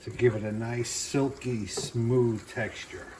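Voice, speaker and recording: A man's voice: medium pitch, slow pace, a little hiss or hum. A man hosting a casual home cooking show, talking easily as he cooks and plates a dish. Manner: relaxed, talks while cooking with fillers. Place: home kitchen. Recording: clattering dishes and pans behind.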